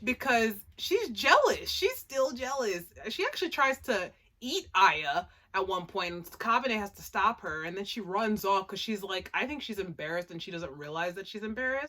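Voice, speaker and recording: A woman casually recapping an anime episode, chatty and animated, with lots of "like" and laughing asides. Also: mid-range voice. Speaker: anime reviewer.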